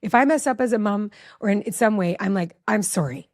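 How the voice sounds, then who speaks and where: Brief: woman in her forties, podcast guest, lively, rambling storyteller, mid-pitched voice, lots of "like". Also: fast talker. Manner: animated, chatty, heavy use of "like". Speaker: relationship educator and author. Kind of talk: casual storytelling in a podcast interview.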